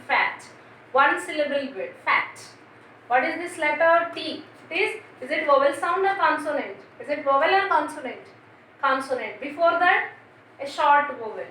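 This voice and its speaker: Female teacher, bright and sharp, drills spellings with questions to children; recorded off-mic in a booming room. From India. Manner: spells words letter by letter and quizzes the children. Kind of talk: classroom grammar lesson. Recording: very echoey room, voice from a distance, faint noise.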